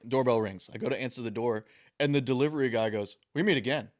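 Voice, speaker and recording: A man's voice: medium pitch, fast talker, darkish tone, slight background noise. A young man co-hosting a podcast, telling stories in crude, casual banter and laughing often. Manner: storytelling, laughs often, swears a lot. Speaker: podcast co-host.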